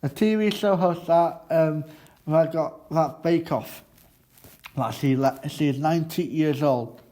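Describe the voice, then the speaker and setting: A man presenting a student radio show in a halting, chatty way, often stopping to quiz his classmates in the studio. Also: fairly high pitch, mellow. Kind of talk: casual radio chat.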